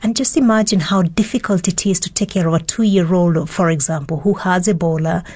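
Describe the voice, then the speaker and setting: A woman radio news presenter with a low, husky voice. She explains things to her co-host in a clear, explanatory way. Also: brisk, darkish tone.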